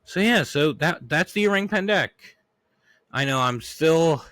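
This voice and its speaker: A man with a fairly high, slightly bright voice hosts his own podcast solo, talking casually at a measured pace with lively intonation. He rambles with lots of restarts and fillers while still getting over a cough. The recording is dry, with clean studio sound.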